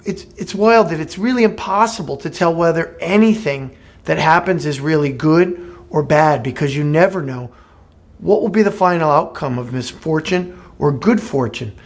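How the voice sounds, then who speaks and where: Speaking at a moderate pace with a fairly high pitch, a male podcast co-host retells a short fable in earnest, casual conversation. He tends to repeat words when starting sentences.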